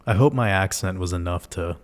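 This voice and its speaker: A man with a fairly low voice hosts a casual livestream. He talks straight to his viewers in an animated way, with plenty of swearing and rhetorical questions. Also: a little fast. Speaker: livestream host.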